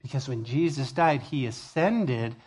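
A male pastor teaching a sermon verse by verse, conversational and expressive, moving from hushed to emphatic. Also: medium pitch, measured pace, husky.

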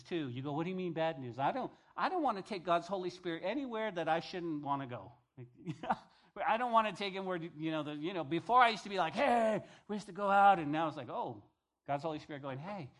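A man preaching a sermon as pastor, animated and acting out the voices he quotes. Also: fairly high pitch.

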